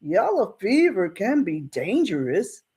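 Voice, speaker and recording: A woman's voice: medium pitch, sing-song, takes it slowly, warm tone, breathy edge, pitched above the performer's own voice, exaggerated voice. A woman voicing a flustered, hesitant lady customer in a retold story.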